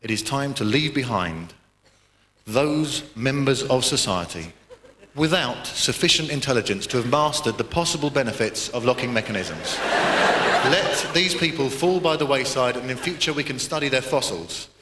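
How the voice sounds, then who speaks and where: A man's voice: mid-range voice, animated, moderate pace, sharp tone, a little hiss or hum. A man from Britain doing a stand-up routine, sardonic and profane, with rambling asides. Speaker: stand-up comedian. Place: comedy venue with live audience. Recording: echoey live venue, audience laughter.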